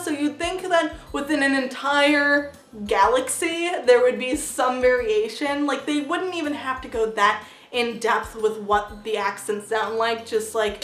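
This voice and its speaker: A woman's voice: fairly high pitch, steady tone, a little slow. A woman giving a casual, blunt book review vlog, chatty and full of "like" fillers, swearing freely. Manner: chatty, heavy use of "like" fillers. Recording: roomy echo.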